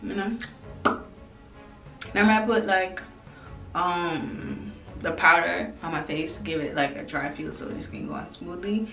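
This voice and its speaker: A woman's voice: on the low side, a little slow, pauses often, bright, forceful tone. Young woman doing makeup, slangy chat, kinda far from the mic in an echoey room. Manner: chatty, loose, slangy. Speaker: beauty vlogger. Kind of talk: casual makeup tutorial chat. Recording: roomy and off-mic with music.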